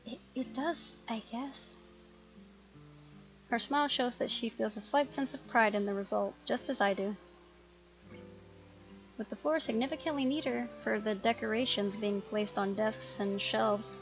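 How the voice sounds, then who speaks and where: A woman hosting a let's play, reading a visual novel aloud in a steady narrating voice with small slips. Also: mid-range voice, moderate pace, dull audio, faint music behind.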